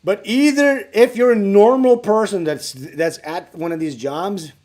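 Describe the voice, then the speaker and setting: A male livestreamer with a somewhat high voice rambles through crude, profane anecdotes, laughing as he goes. He acts out the people in his stories in louder voices and keeps a loose, chatty flow. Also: a little slow. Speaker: livestreamer answering viewer questions. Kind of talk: casual livestream chat.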